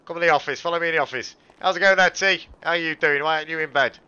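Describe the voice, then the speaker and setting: A man's voice: a little high, rapid-fire, bright, forceful tone, clean tone, dull audio. A man role-playing a car dealer, chatty salesman patter full of mate and buddy. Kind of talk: in-character role-play over game voice chat.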